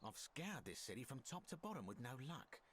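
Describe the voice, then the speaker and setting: An actor playing a shrewd, wry male merchant in an ancient Roman city, speaking in video game dialogue with a smooth, bargaining manner. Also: medium pitch, very animated, a little fast, a little hiss or hum, lightly acted.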